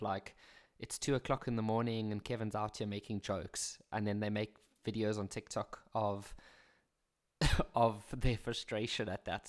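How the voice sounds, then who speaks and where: A young South African man talking through maths exam questions in a chatty way, with jokey, self-mocking asides. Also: lowish voice. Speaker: maths teacher. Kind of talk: casual maths exam walkthrough.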